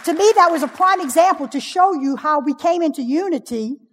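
A pastor's wife preaching to a ladies' gathering, telling stories with humor. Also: female voice, high voice, fairly quick, slight background noise. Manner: humorous, storytelling, lively preaching. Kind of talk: sermon. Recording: long hall reverb.

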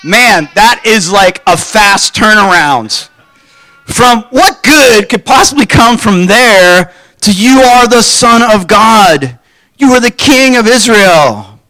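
A man giving a conversational sermon, relaxed and informal, asking his listeners rhetorical questions. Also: sits high, dry recording. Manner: informal, poses rhetorical questions, acts out quoted voices. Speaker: preacher.

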